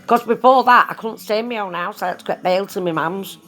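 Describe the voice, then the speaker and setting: A woman's voice: medium pitch, a little fast, a bit bright. A woman chatting into her phone, telling a story bluntly with plenty of slang and swearing. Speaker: vlogger. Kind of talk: casual storytelling monologue.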